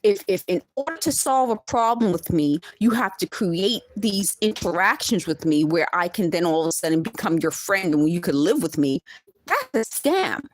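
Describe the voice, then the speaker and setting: A woman's voice: on the low side, animated, normal speed, no echo. A woman, talking straight to camera in an emphatic, indignant monologue with laughing asides. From the Bronx, New York. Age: 50s. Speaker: vlogger.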